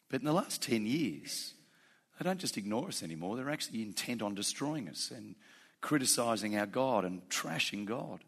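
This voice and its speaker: A man's voice: on the low side, very animated, normal speed, creaky, husky. A male pastor preaching a sermon, talking in a plain, conversational way that builds into fervent emphasis.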